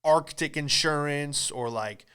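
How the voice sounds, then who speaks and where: Male comedian, podcast host, bright clear voice, animated, swears a lot. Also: on the high side, slow pace. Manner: animated, profane, exclamatory. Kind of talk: comedic storytelling.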